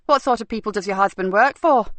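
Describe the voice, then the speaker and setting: A woman's voice: medium pitch, fast talker, dry recording, lightly acted. A woman voicing a tough, driven female detective inspector with a firm, cool, clipped manner.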